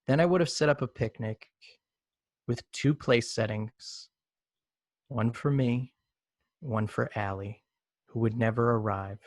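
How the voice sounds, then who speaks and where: A man telling a long comic story in a deadpan, mock-formal way over a video call. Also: mid-range voice, measured pace, pauses often, no room sound.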